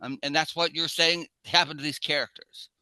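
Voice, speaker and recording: A man tells stories with gusto while co-hosting a casual movie discussion. His voice is bright and forceful, pitched a little high. The sound is close and dry. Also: moderate pace, dry recording. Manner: animated storyteller, acts out quotes. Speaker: podcast co-host.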